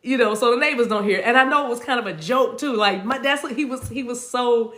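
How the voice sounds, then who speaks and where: Animated woman giving a spiritual talk. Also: a little high, a little fast, roomy sound. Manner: animated, conversational, laughs often. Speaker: spiritual teacher and coach.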